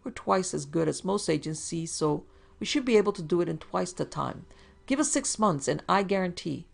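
A woman's voice: fairly low pitch, lively intonation, normal speed, gravelly, full character voice. A woman voicing a wry, sardonic male detective's assistant, in a dry, wisecracking way. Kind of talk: storybook reading.

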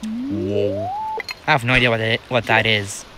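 A man's voice: on the low side, level tone, quick pace, background noise. A young American man giving rambling, casual commentary while playing a farming game, talking to himself with many restarts. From United States. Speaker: gaming channel host.

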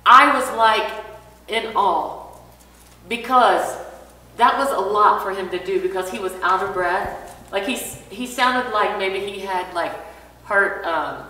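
Bright-voiced woman telling a story in an echoey room. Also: mid-range voice, measured pace, recorded from a distance. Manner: animated storyteller, acting out quoted dialogue. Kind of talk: casual personal story. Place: church classroom.

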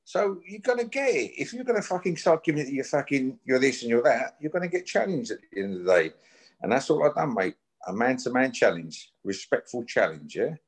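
A man's voice: medium pitch, sing-song, fairly quick, breathy edge. A man, talking bluntly and confrontationally as a guest in a casual chat, swearing often as he issues a challenge. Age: 50s.

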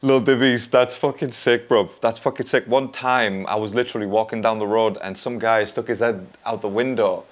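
A man's voice: fairly low pitch, fairly even intonation, moderate pace, hardly any pauses. Rambling man reacting to music. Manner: rambling, full of "like" and restarts. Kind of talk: casual reaction commentary.

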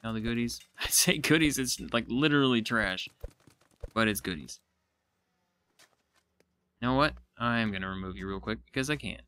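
A man giving casual let's-play commentary, excitable and thinking aloud as he explores, now and then poking fun at himself. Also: mid-range voice, normal speed, long pauses, clear, resonant tone. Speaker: gaming YouTuber.

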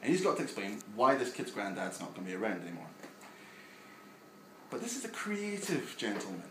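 A young stand-up comedian with a lowish, sing-song voice performs a live set in a small basement venue, talking a little fast. He's wry and self-deprecating and banters with the front row. The room is echoey, with audience ambience and laughter around him.

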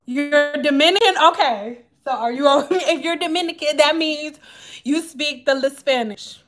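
Woman, thirties, high voice, chatty, joking, casual vlog talk. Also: normal speed, over music. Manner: chatty and joking, talks straight to viewers. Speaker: vlogger. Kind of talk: casual chat to viewers while doing hair.

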